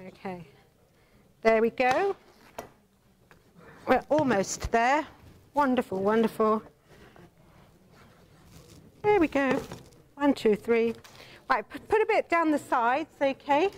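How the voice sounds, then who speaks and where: A woman's voice: sits high, animated, slow, pauses often, a little hiss or hum. An older English woman hosting a cooking demonstration, chatting theatrically and teasing her viewers as darling. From England. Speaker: cooking show host.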